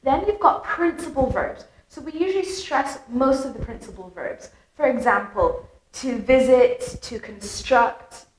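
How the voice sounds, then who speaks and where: A woman's voice: high voice, sing-song, moderate pace, roomy sound, slight background noise, poor audio. A British woman teaching English pronunciation, speaking melodically and stressing key words with exaggerated emphasis. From Britain. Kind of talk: lively explanatory lesson.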